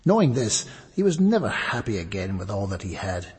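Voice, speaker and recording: A man narrating a fable in a measured storybook manner. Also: on the low side, very animated, darkish tone, slightly rough, long reverb tail.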